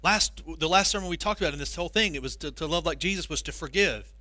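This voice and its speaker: A male pastor giving a sermon, telling stories with animated, self-mocking humor. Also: a little high, fast talker, dry recording.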